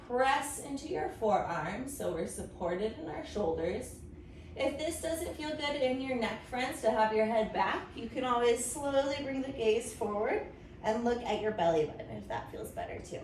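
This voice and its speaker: A woman leading a children's yoga story time, encouraging and playful, making silly animal sounds along the way. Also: sits high. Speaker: kids yoga instructor. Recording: roomy, from a distance, faint noise.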